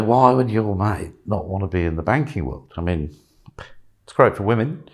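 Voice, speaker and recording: A British man chatting casually, telling an animated anecdote and acting out voices. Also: fairly low pitch, moderate pace. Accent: British English. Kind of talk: casual storytelling chat.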